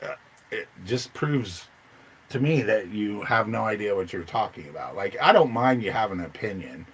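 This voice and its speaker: A man telling a long story in casual chat, rambling and excitable, jumping into loud high voices when he quotes himself. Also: creaky, slight background noise, low-quality recording.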